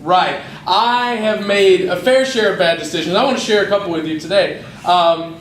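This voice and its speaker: Young man, high voice, youth minister, animated self-mocking storytelling, roomy hall. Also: moderate pace, slight background noise. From North Georgia, USA. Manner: lively, self-mocking storyteller who acts out scenes. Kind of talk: youth service talk with personal stories. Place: church hall. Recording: roomy hall, mic at a distance.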